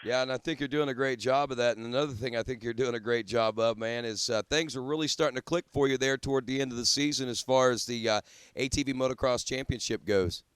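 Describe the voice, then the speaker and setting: A man's voice: mid-range voice, fairly even intonation, fast, clear, resonant tone, dry recording. A male radio host interviewing a racer, enthusiastic and friendly, often calling him "man". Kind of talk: interview hosting.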